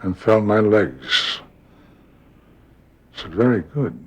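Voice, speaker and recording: Older man telling stories, lower voice. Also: slow pace. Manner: animated storyteller acting out quoted voices. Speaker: actor recalling his career. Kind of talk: storytelling interview.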